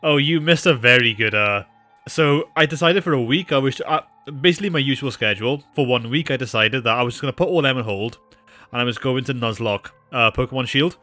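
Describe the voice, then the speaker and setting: A man's voice: mid-range voice, brisk, sharp tone, faint music behind. A man, chatting casually on a game stream and rambling through anecdotes with plenty of fillers. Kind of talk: casual live-stream chat.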